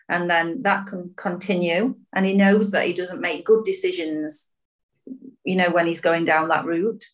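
Supportive woman with a mid-pitched voice. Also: steady tone, moderate pace, poor audio. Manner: supportive, hesitant with restarts. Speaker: podcast guest. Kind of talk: casual conversation.

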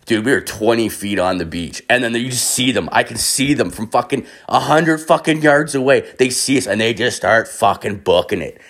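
A young man telling a long comic story in a profane, rambling, animated way. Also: mid-range voice, normal speed, few pauses.

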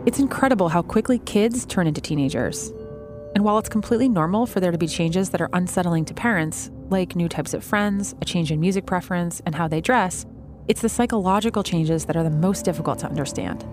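A woman narrating a documentary in a measured, informative scripted style. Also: fairly low pitch, darkish tone. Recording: narration over clear music.

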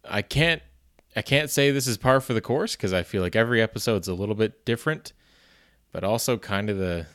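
A man hosts his own podcast solo, rambling casually and self-deprecatingly with many "you know"s and the occasional swear word. His voice is fairly low, brisk and a bit bright.

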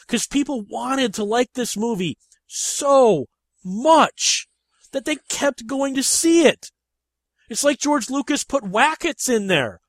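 A man hosting a casual movie chat, talking in an animated, emphatic way. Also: unhurried, no echo. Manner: animated and emphatic, with sharp rises in pitch when making a point.

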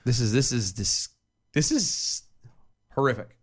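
An earnest man with a middle-pitched voice co-hosting a casual talk show. He speaks emphatically, repeating words as he builds toward his point. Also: lively intonation, a little slow, background noise. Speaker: podcast co-host. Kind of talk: casual chat.

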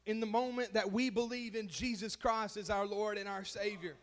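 A man's voice: sits high, fairly even intonation, normal speed, hardly any pauses, a bit bright. A man preaching a sermon as pastor, impassioned, calling out to the congregation and repeating phrases for emphasis.

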